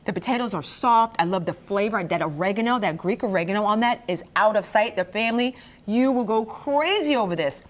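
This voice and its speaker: On her cooking show, a woman chats briskly with a chef in an animated, mid-range voice. She samples the dishes and reacts with enthusiastic, gushing exclamations.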